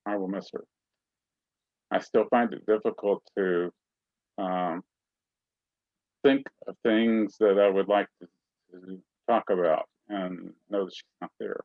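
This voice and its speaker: A man with a low, gravelly voice speaks slowly and haltingly at a memorial. The sound is thin and phone-like, dry, with no room echo. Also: steady tone. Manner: halting, slow and heartfelt.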